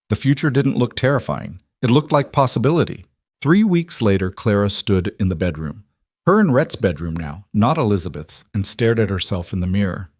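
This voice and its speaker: Low-voiced man narrating a western. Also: darkish tone, no echo, clean studio sound. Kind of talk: scripted narration.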